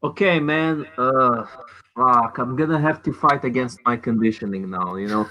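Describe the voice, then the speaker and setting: A man's voice: medium pitch, moderate pace, pushed and bright, poor audio. A man co-hosting a comedy podcast, laid-back and mock-profound, often saying "bro" and "man". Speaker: podcast co-host. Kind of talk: comedic banter.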